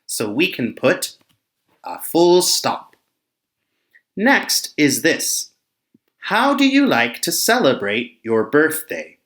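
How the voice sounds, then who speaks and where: An English teacher explaining punctuation slowly and clearly to learners, reading example sentences aloud with expression. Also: mid-range voice, fairly bright tone, reverberant. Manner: speaks slowly and pointedly, acting out example sentences. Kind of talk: slow, expressive classroom explanation.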